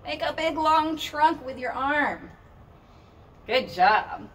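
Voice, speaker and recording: A woman's voice: high-pitched, expressive, slow pace, a bit bright, recorded from a distance, slight background noise. A woman leading a children's storytime as a librarian, singing rhymes in a sing-song, playful way and roaring with the kids.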